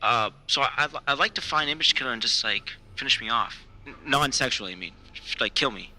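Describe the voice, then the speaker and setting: A man's voice: medium pitch, lively intonation, fairly quick, sharp tone, slight background noise, poor audio. An actor playing a desperate, rambling male comedian who calls into a podcast, stammering as he talks. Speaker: caller. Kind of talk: comedic audio drama acting.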